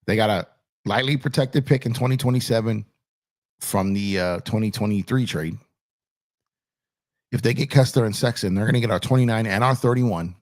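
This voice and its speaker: This basketball talk show host has a lowish, darkish voice, a moderate pace and long pauses. He's emphatic, repeats his lines and speaks straight to the chat as "y'all." He streams on camera from a home studio glowing with purple lights.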